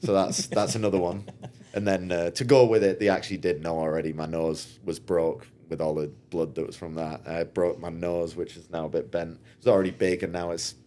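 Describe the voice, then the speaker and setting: A man's voice: low voice, fairly quick. A man, a podcast guest and racer, telling his story in a casual, rambling way, acting out what others said. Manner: rambling, animated, acts out quotes.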